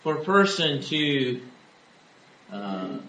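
Slow, measured male preacher in an echoey room. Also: a little high, big pitch swings, fairly bright tone, slight background noise. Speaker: pastor. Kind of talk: sermon.

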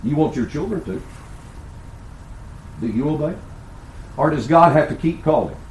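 Older male pastor, animated sermon delivery, roomy sanctuary sound. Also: a little high, moderate pace, slight background noise. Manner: preaching with rhetorical questions and storytelling. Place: church sanctuary.

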